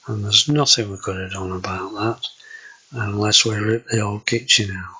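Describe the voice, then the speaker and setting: A man's voice: on the low side, fairly even intonation, bright, forceful tone, breathy edge, low-quality recording. An older man with a Yorkshire accent, hesitantly walking viewers through his kitchen in a casual home video. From Yorkshire, England. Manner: slow, hesitant, with many fillers. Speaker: vlogger.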